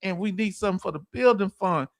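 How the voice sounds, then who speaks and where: A man's voice: high voice, quick pace, no room sound, studio quality. A middle-aged man with a Southern US accent hosting a casual livestream, joking, laughing and reading out viewer comments. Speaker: livestream host.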